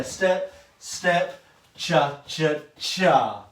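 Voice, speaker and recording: A dance teacher livestreams a lesson, counting steps aloud as he demonstrates and cheering on his viewers. His high-pitched voice has lively intonation and a slow pace, heard from a distant mic in an echoey room.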